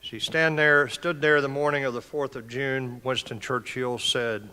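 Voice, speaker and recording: A man's voice: medium pitch, steady tone, moderate pace, few pauses, bright, forceful tone, clear, resonant tone. Older man giving an impassioned speech. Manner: emphatic, impassioned, preacher-like delivery. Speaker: conference speaker. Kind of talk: motivational speech. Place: conference hall. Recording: echoey large hall.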